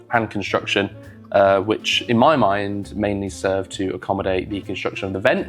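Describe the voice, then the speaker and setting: Rambling wry man, low voice. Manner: rambling, wry, full of fillers and self-deprecating asides. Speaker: sewing vlogger. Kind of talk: casual talk to camera while sewing.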